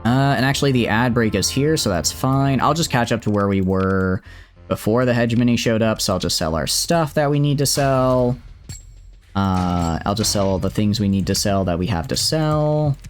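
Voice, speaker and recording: A man's voice: lowish voice, animated, normal speed, soft background music. A young man streaming a space strategy game, rambling chattily to his chat and his ships. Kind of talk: live gameplay commentary.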